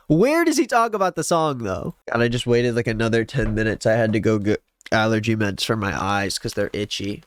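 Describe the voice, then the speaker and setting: A young man hosting a casual album reaction, loud and mocking, laughing often. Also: lowish voice, expressive, normal speed. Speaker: music reaction host.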